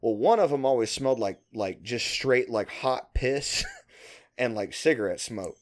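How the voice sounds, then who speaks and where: A man's voice: mid-range voice, expressive, a little slow. A man talking casually with a friend, telling a long, rambling work story. He swears freely and piles on fillers and restarts. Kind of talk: casual chat.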